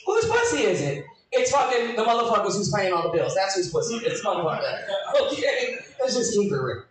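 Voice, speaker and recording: Woman, 40s, stand-up comic: loud and profane, very lively pitch, distant and echoey live-room sound. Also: a little fast, a crowd in the background. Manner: brash, profane, laughing at her own jokes. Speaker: stand-up comedian. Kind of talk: live stand-up with crowd work. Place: small live comedy room. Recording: echoey room from far off, faint noise.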